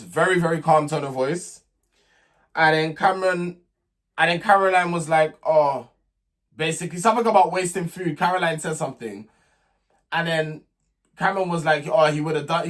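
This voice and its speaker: A young man with a fairly high voice, talking casually and with emphasis. His delivery is slangy and chatty, like someone giving his opinions straight to camera. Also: a bit bright. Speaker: reality show recap host. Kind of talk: casual recap commentary.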